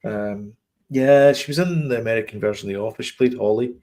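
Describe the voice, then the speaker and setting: A man's voice: on the low side, brisk, darkish tone, slight background noise. A man co-hosting a podcast, chatting casually and meandering through stories about films and TV. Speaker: podcast co-host.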